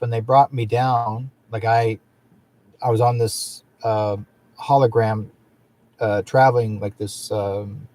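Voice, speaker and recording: A male host chats casually with his guest. He rambles, restarting phrases and filling pauses, at a mid pitch. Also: a little mellow. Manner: rambling, frequent restarts and fillers. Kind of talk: casual interview chat.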